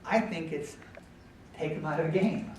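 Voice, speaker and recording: Man speaking calmly in an echoey hall. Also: a little high, moderate pace, a little hiss or hum. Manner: calm, explanatory, with frequent ums. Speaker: speaker at a coaching workshop. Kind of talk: talk with audience Q&A. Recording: echoey hall, far from the mic.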